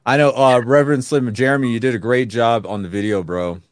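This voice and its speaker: A man's voice: mid-range voice, steady tone, a little fast, no echo, studio quality. A man co-hosting a podcast, chatting casually and joking around with his co-host on a live stream. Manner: joking, playful, teasing. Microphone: desk mic over a streaming call.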